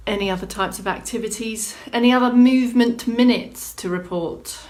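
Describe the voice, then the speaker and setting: Lady fitness instructor on a live stream, fairly high voice, chatty, reading out comments. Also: moderate pace, darkish tone. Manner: chatty, reads out viewer comments; encouraging, gives clear prompts. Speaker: exercise instructor. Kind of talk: live-streamed movement class.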